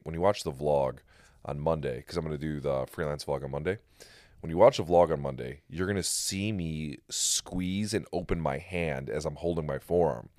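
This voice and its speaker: A man hosting a casual podcast, telling a story with animated energy and free swearing. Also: very deep voice, no room sound, studio quality. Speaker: podcast host and pro wrestler. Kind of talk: casual chat.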